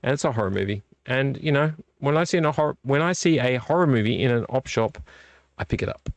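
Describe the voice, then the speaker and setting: Man, middle-aged, mid-pitched, rambling live vlog host, dry close sound. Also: animated, quick pace, dry recording. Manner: rambling, easily distracted, self-correcting. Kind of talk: casual live-stream chat.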